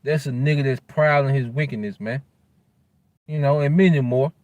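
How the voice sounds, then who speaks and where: A man's voice: medium pitch, fairly even intonation, darkish tone, no echo, muffled recording. Man preaching casually in a dry voice. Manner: ends nearly every phrase with "man"; loose street slang, halting while looking up verses. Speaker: religious teacher. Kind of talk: informal scripture lesson.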